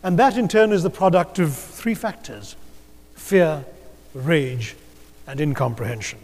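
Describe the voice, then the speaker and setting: A man from India giving a measured, rhetorical conference speech with gentle humor in a large auditorium. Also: on the high side, lively intonation. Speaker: keynote speaker. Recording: long hall reverb.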